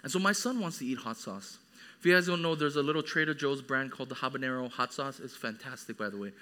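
A young man preaching a sermon as a pastor, animated, acting out quoted voices. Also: medium pitch, quick pace.

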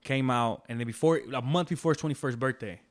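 Fast-talking, profane male storyteller. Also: medium pitch. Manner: profane, slangy, rambling with restarts. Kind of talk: casual storytelling chat.

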